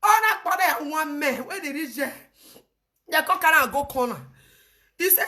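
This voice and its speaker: A woman with a Nigerian accent giving casual, laughter-filled commentary, telling a story with lively energy. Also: sits high, a little fast.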